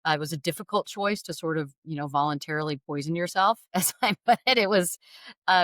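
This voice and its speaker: A middle-aged woman speaks as an interview guest, sharing a personal story openly and with self-deprecating humor. Her voice sits a little low and stays lively and animated. The sound is close and dry. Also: no echo. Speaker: guest author.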